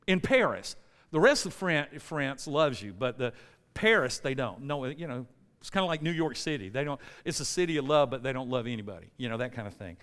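An American man preaches a sermon in a church, energetically telling a story and checking in with the congregation. His mid-range voice is animated, fairly quick and a bit bright, with long reverb from the church hall.

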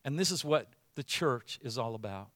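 A man preaching a sermon as pastor, conversational at first, then building to loud, emphatic passages. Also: medium pitch, animated, moderate pace, dry recording.

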